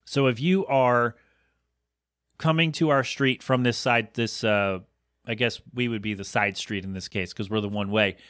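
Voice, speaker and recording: Guy ranting on his podcast, exasperated, dry close sound, mid pitch. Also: fairly even intonation, moderate pace, fairly bright tone, smooth, dry recording. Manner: exasperated storytelling, rising in pitch when incredulous. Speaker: podcast host. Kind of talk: rambling solo podcast monologue.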